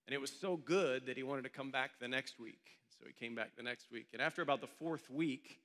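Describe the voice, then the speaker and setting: A man's voice: mid-range voice, fairly quick, a bit bright, long reverb tail. A male pastor telling a story during a sermon in a church meeting room, in a loose, conversational way.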